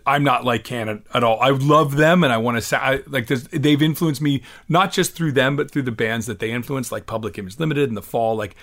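A man's voice: medium pitch, fairly bright tone. A middle-aged man musician from the United States, talking in a rambling, self-deprecating way with many restarts. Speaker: musician guest. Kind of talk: conversational interview.

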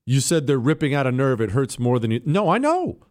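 Animated male talk radio host. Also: brisk. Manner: animated, swings high when incredulous. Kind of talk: casual talk radio monologue.

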